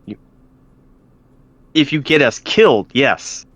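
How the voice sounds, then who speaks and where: A man playing a tabletop game in character, speaking bluntly and deadpan. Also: mid-range voice, slow pace, no room sound, dull audio. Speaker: player.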